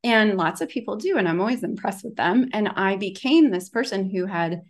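A woman's voice: mid-range voice, moderate pace. Chatty woman wellness practitioner, rambling. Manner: rambling, many "like" fillers, animated storytelling. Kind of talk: casual conversation.

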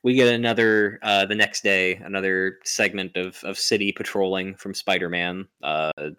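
Casual podcast co-host, man, low voice with a bright edge, rambling recap. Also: fairly even intonation, normal speed, smooth. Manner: rambling, joking, many fillers. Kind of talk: casual movie recap chat.

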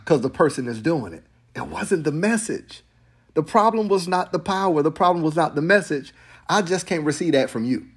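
Male pastor, high voice, lively, slangy, playful sermon delivery to a live church crowd. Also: slightly rough. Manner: animated, playful preaching with slang and laughter. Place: church sanctuary with congregation.

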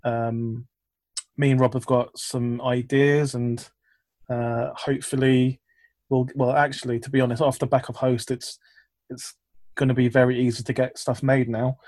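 A man's voice: medium pitch, level tone, moderate pace, darkish tone, dry recording. Guy rambling about his projects, lots of ums and restarts, dry close sound. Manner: rambling, many fillers and restarts. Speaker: filmmaker guest. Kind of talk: casual interview chat.

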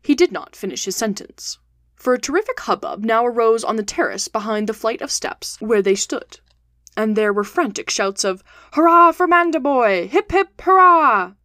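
A woman hosting a storytelling podcast, reading a classic novel aloud in a steady, clear, expressive way. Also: mid-range voice, moderate pace, dry recording, clean studio sound.

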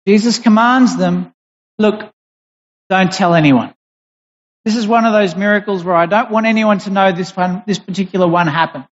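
Preacher in an echoing hall. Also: medium pitch. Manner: deliberate, emphatic, with pauses and restarts. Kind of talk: sermon. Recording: dull recording in a reverberant hall.

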